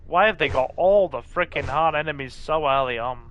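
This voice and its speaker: A man's voice: on the high side, fairly quick, fairly bright tone, a little hiss or hum. A man from northern England hosting a live gameplay stream, chatting with viewers and reacting to the game as he plays. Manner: chatty, reads and answers viewer chat while playing. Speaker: livestream host.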